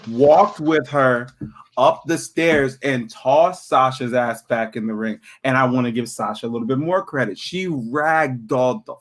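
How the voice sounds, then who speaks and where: A man co-hosting a casual wrestling chat show, an excitable storyteller who acts out reactions. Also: medium pitch, unhurried. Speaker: podcast co-host.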